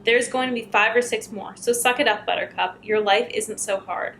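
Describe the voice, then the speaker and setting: A woman's voice: a little high, moderate pace, gravelly, a bit bright, slight background noise. A woman reading out the lines of a controlling husband in a harsh, threatening tone. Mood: scolding. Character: controlling, bullying young husband.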